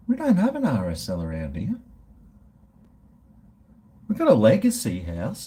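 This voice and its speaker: A man's voice: a little high, wildly swooping pitch, moderate pace, pauses often, darkish tone. A man with an Australian accent, chatting casually on a livestream and answering viewer comments in a rambling, easygoing way. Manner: rambling and chatty, with laughs and trailing restarts. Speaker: food reviewer and livestreamer.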